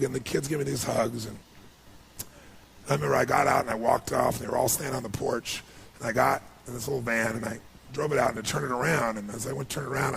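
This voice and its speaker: A middle-aged man giving a motivational speech, telling a personal story in an animated, emotional way. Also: mid-range voice, creaky. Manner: animated, emotional storytelling with rising bursts of intensity. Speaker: motivational speaker.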